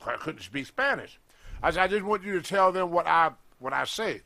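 Older male guest, lively storyteller, acts out voices. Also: fairly high pitch, moderate pace, vocal fry. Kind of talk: storytelling in a podcast interview.

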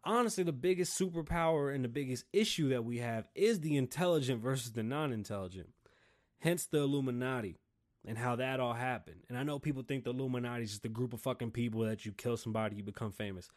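A man hosting his own show, ranting casually in an animated, profane, rambling way. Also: mid-range voice, fast talker. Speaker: show host.

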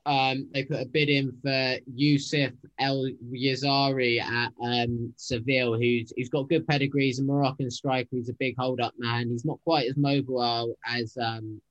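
Man, podcast regular, casual chat, loose and repetitive, middle pitch. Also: little pitch movement, normal speed, hardly any pauses, fairly bright tone, lo-fi sound. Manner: loose, repeats words, hedging. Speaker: podcast regular, transfer pundit.

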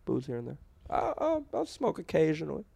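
A man's voice: on the high side, huge pitch swings, brisk, gravelly, dark tone, slightly rough, no room sound. Congested man, joking podcast co-host. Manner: joking, profane, laughs often. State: congested, raspy throat. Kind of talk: casual chat.

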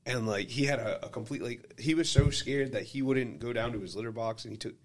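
A man in casual podcast chat, telling crude joking stories in an animated way. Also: medium pitch, fairly quick.

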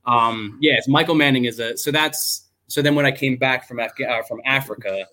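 A man's voice: mid-range voice, brisk, sharp tone. Young guy, mid-range voice, casual and candid, fillers and swearing; guest on a video-call interview. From United States. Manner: loose and candid, many ums, swears, acts out quoted people. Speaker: guest, army veteran. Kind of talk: casual spoken storytelling.

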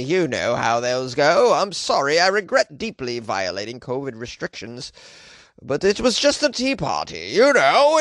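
A man's voice: fairly high pitch, fairly bright tone, no echo. A man doing a comic impression of a flustered foreign male politician, using a put-on foreign accent and pleading denials.

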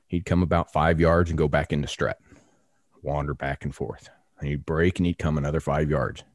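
Low-voiced guy spinning a yarn, lively and a bit cussy, dry close sound. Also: moderate pace, dry recording. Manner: animated, salty, acts out voices. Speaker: podcast co-host. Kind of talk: casual storytelling.

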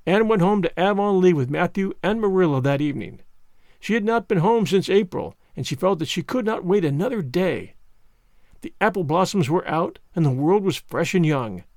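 A man narrating a classic novel aloud in an expressive storybook reading. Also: high voice, moderate pace, dry recording, clean studio sound. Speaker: audiobook narrator.

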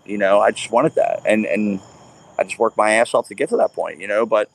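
A man in his forties, a guest on a casual talk show, telling profane, animated stories. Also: on the low side, fairly quick, creaky, breathy edge. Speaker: podcast guest. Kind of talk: casual chat.

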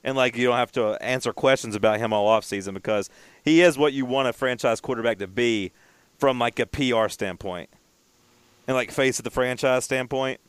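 A man's voice: medium pitch, moderate pace, clear, resonant tone, no room sound. A man co-hosting a casual chat, telling stories in a rambling way and often stumbling over and repeating his words.

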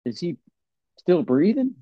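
A man's voice: sits high, very animated, measured pace, dry recording, lo-fi sound, full character voice. A man playing an emotional, gushing Southern nice-guy patient in an improvised comedy podcast. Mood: amazed.

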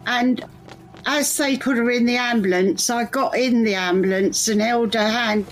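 An older woman recalls her memories in a slow, plain way. Her voice is high, and soft music runs beneath it. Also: low-quality recording. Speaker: eyewitness. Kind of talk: interview recollection.

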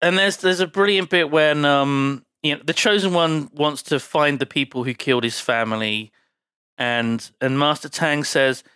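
A podcast co-host in casual film chat, animated and swearing, often jumping in to finish other people's lines. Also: mid-range voice, normal speed, clean tone, no echo.

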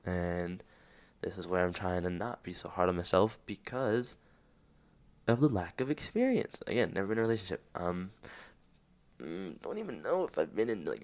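Low-voiced man, candid rambling reflection. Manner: candid, rambling with many fillers. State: close to tears. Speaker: podcast host. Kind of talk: personal reflective monologue.

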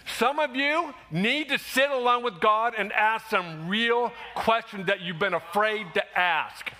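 A man preaching a sermon, animated and emphatic, acting out quoted voices and rising to shouts. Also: sits high, unhurried, slight background noise. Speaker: pastor.

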